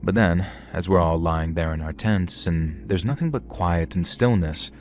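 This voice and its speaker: A man's voice: sits low, normal speed, few pauses, faint music behind. A man narrating a first-person horror story in a conversational tone with dry humour.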